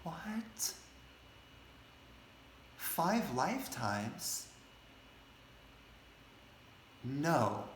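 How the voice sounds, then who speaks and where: Man voicing indignant self-important priest, loud and higher, in a roomy space. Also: very animated, drawn-out words, slight background noise, exaggerated voice. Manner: outraged, raised voice. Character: indignant proud male priest seeker.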